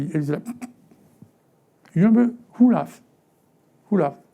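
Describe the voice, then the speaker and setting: In a church sanctuary, a pastor preaches at a measured pace, his high voice expressive, creaky, and dark, with dull audio. He asks the congregation question after question, voices short quoted bits, and frequently repeats or restarts his phrases.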